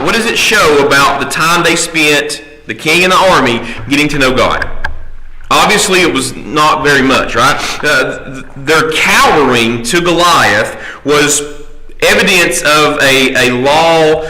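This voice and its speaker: Bright-voiced man teaching Sunday school. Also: a little high, a little hiss or hum, low-quality recording. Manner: checks in with the class by asking "right?"; reads scripture aloud slowly. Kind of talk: conversational Bible class teaching. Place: church classroom.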